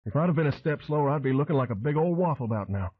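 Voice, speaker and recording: A man voicing a loud, rambling impersonator of a famous singer with a husky Memphis drawl in an audiobook. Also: mid-range voice, rapid-fire, voice pushed up. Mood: excited. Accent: Memphis Southern drawl. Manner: excited, rambling, hollering. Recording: tinny phone-like audio.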